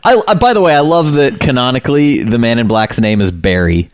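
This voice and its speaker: A man's voice: mid-range voice, expressive, a little fast. Man rambling with fillers on a podcast. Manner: rambling, many fillers and restarts, laughs often. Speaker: podcast co-host. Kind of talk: casual chat.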